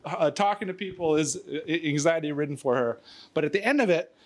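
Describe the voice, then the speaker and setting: Man, out of breath, lively up-and-down pitch, halting storyteller, laughs through it. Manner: rambling, laughing, halting fillers. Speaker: storyteller guest. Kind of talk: casual chat.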